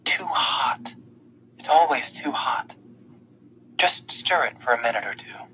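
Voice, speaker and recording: A man reading an audiobook, voicing a blind teenage girl who is quick to anger and caring, often speaking softly or in a whisper with a higher lilt. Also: lively intonation, a little hiss or hum, lightly acted, low-quality recording.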